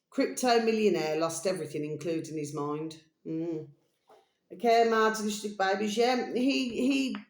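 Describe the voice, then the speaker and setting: A woman with an English accent talks in a loose, wandering monologue, circling back on herself and addressing her listeners fondly. Her voice sits fairly low, and the sound carries the echo of a bare home room. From England. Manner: chatty, meandering, calls listeners "my delicious babies". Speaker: channel host. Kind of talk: rambling casual monologue. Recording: roomy echoey home room.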